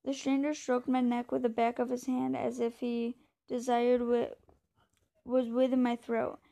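A woman reading a novel aloud in a steady, measured way, now and then stumbling over a word. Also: fairly high pitch, creaky. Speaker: reader.

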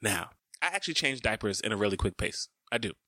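A man's voice: fairly low pitch, big pitch swings, fast talker, bright, forceful tone, no room sound. A young man co-hosting a casual chat, animatedly acting out his own lines as he tells a story. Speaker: podcast co-host.

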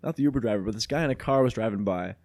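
A man's voice: on the low side, racing, dry recording. Young man telling a story, laughing often. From Mexico. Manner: animated, laughs often, swears freely. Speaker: podcast host. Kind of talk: casual storytelling chat.

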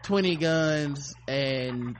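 Male podcast host, slightly high voice, loose and profane, recaps scenes by imitating the characters. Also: extremely slow, crowd noise. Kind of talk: casual chat recapping a TV episode.

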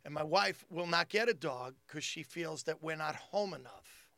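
A middle-aged man telling a story in casual chat, animated and laughing along. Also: fairly high pitch, normal speed, gravelly, no room sound. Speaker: comedian.

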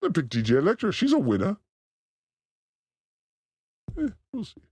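A man playing a boastful, crude demon character, ranting manically on a live comedy stream with frequent shouted outbursts. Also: high-pitched, wildly swooping pitch, moderate pace, breathy edge, full character voice. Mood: manic.

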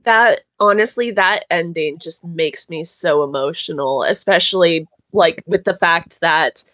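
A man hosting a podcast, rambling and animated in casual chat about a favorite TV show. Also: fairly high pitch, unhurried, no echo. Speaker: podcast host.

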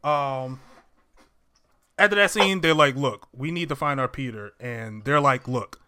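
A man's voice: medium pitch, a little slow, pushed and bright, a little hiss or hum. A man casually retelling a movie scene by scene to friends, acting out the characters' lines. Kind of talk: casual movie recap chat.

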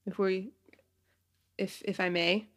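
A woman in her thirties co-hosting a podcast in relaxed casual chat, agreeable and laughing often. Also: mid-range voice, takes it slowly. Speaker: podcast co-host.

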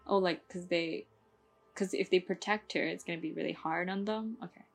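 A woman's voice: lowish voice, steady tone, normal speed, creaky, soft background music. A woman reading a novel aloud in a casual way, stumbling over words and breaking off for wry asides. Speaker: book reader.

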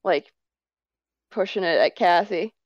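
A woman playing a tabletop game in character, talking in a flat, blunt, weary way. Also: lowish voice, measured pace, dry recording, dull audio. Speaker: player.

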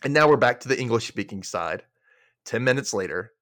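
A man's voice: mid-range voice, animated, brisk, fairly bright tone, no room sound, clean studio sound. A male podcast host casually recapping a TV episode scene by scene, acting out the quoted lines.

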